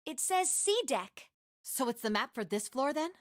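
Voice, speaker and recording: A woman's voice: high-pitched, expressive, moderate pace, no echo, studio quality. An actress voicing a composed, matter-of-fact adult woman in a video game.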